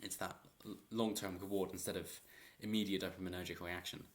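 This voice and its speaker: A man's voice: low-pitched, little pitch movement, fairly quick. A man giving rambling, opinionated political commentary in a vlog and chuckling often.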